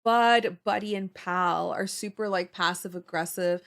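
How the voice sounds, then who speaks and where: A woman's voice: fairly low pitch, measured pace, gravelly. Chatty woman streamer. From Canada. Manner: animated and chatty, laughs often, answers viewer comments. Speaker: livestreamer. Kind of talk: casual chat with live viewers.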